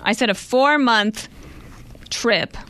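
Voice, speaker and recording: A woman in her forties chatting casually as a podcast co-host, telling stories with lots of "like" and quick asides. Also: a little high. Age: 40s. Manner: chatty, animated storytelling with filler "like". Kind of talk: casual chat.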